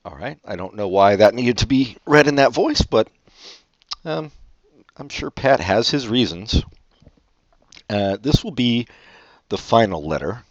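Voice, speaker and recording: A man hosting a comedy show, reading listener letters aloud with deadpan delivery and dry asides. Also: medium pitch, measured pace, pauses often, no room sound. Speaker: comedy podcast host. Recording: dull lo-fi sound.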